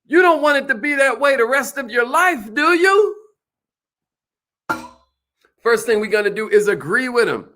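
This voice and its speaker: High bright-voiced man coaching a crowd. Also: normal speed, pauses often. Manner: animated, preacherly, calls out to the audience. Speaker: sales trainer. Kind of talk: motivational seminar talk.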